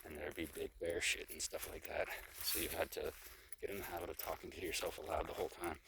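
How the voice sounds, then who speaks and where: A man's voice: extremely low pitch, level tone, fast, fairly bright tone. A young man rambling casually as he hikes down a mountain trail, talking to the camera with many fillers and restarts. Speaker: travel vlogger. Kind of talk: casual vlog narration while hiking. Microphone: handheld camera. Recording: noisy outdoor camera audio.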